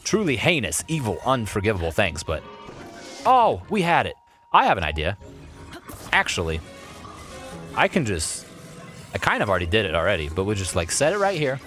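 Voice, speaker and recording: Male streamer, low voice with wide swings, playful running commentary over soft game music. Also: huge pitch swings, normal speed, pauses often. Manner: playful, talks to game objects and reads chat aloud. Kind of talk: live gameplay commentary. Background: faint game music.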